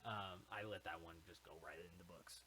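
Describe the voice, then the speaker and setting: A man's voice: deep voice, brisk, pushed and bright, slight background noise, low-quality recording. A young man, a musician guest on a podcast, reminiscing in an easygoing, casual chat.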